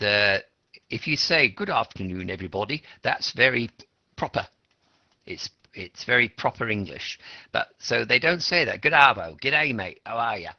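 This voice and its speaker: A man's voice: on the low side, gravelly, bright, forceful tone, no echo. A middle-aged Australian man teaching an English class, explaining patiently and asking students questions. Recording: lo-fi classroom recording.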